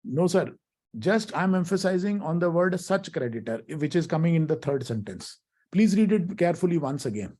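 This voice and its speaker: A man's voice: high voice, animated, a little fast, darkish tone. A middle-aged man giving a law lecture, asking the audience questions and addressing them as friends. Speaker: workshop speaker, lawyer.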